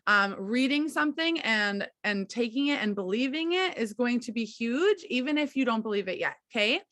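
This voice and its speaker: A young woman coaches her team over a video call, upbeat and encouraging, checking in often with her listeners. Her voice sits a little high and sounds crisp and bright. The sound is dry and close, with no room around it. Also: expressive, moderate pace, dry recording. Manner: encouraging, chatty, many fillers and "okay, you guys".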